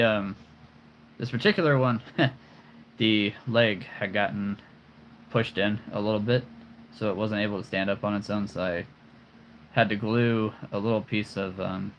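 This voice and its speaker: A man's voice: fairly low pitch, measured pace, long pauses, a bit bright, slight background noise. A man in his forties hosting a live stream, chatting casually and playfully about his collection, rambling with chuckles and puns.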